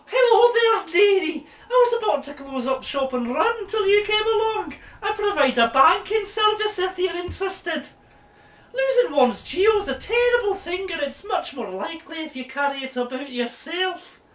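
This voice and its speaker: A woman voicing a genteel, eager bug banker in a put-on Yorkshire accent, in a sing-song sales pitch. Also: sing-song, measured pace, full character voice. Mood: cheery. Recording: echoey room, far mic, game music.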